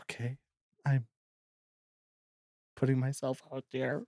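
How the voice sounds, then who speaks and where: A man's voice: mid-range voice, completely flat delivery, slow, dark tone, dry recording, studio quality. A man co-hosting a casual book podcast, laughing often and talking with many fillers and self-deprecating asides. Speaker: podcast co-host. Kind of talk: casual chat about a book.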